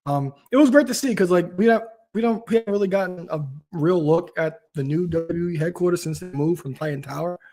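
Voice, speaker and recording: A man's voice: high voice, brisk, hardly any pauses, a little mellow. A man hosting a casual talk show, ranting animatedly with frequent restarts. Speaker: podcast host. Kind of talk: casual chat.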